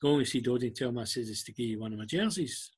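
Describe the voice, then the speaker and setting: Older Scottish man telling anecdotes, husky. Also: medium pitch, racing. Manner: anecdotal, acts out quoted dialogue. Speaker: guest, former club liaison officer. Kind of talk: casual storytelling interview.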